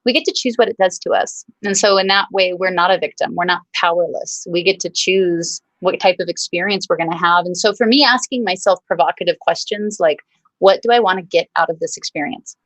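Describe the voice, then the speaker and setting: A woman host with a slightly low voice speaks over a video call, earnest and reflective, in a motivational tone. The sound is dry and close, with no room echo. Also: a little fast, fairly bright tone. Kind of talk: casual video call chat.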